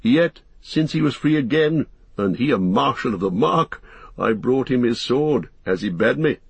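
Man doing a nervous loyal guard, apologetic, husky voice, storybook. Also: mid-range voice, expressive, a little slow, no echo, heavily acted. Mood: anxious. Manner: anxious, apologetic. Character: nervous loyal male doorwarden, trembling.

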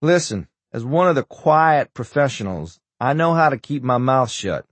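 A man's voice: mid-range voice, animated, moderate pace, no echo, voice pushed up, close to an everyday voice. A man voicing a wisecracking male doctor who puts on a bad Scottish accent, in an audiobook. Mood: teasing. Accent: fake Scottish. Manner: teasing, wisecracking. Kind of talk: audiobook character voice.

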